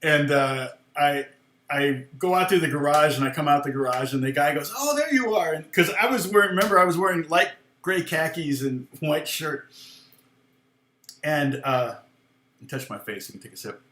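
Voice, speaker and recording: A man's voice: on the high side, moderate pace, sharp tone. A middle-aged man, a guitar teacher on a live stream, telling a story in a rambling way, with frequent chuckles and restarts. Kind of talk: casual storytelling chat. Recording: echoey room.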